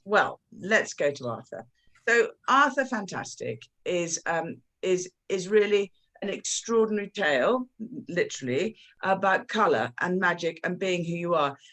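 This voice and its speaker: A woman with a fairly low voice talks about her children's books at a launch. She is animated and effusive, breaking into story voices. She often stops for fillers and restarts. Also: unhurried, low-quality recording. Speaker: children's author. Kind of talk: book launch interview.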